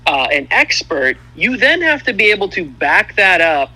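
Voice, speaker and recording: A man chats as a guest on a podcast and lays out his views earnestly. His voice sits slightly high and is very bright and forward. He talks in a loose, conversational way. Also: sing-song, moderate pace, poor audio. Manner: earnest, explanatory. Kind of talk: casual chat.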